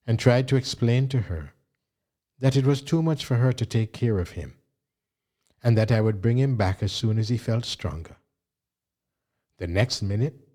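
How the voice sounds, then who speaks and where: A man reading a memoir aloud in a measured, even narration. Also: on the low side. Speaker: audiobook reader.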